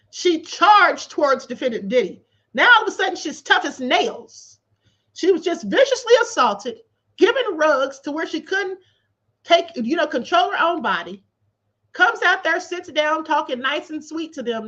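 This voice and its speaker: Incredulous high-voiced woman livestreaming. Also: pushed and bright, dull audio. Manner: incredulous and sarcastic, laughing in disbelief. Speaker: livestream host. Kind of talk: livestream commentary reading a court filing. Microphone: livestream setup.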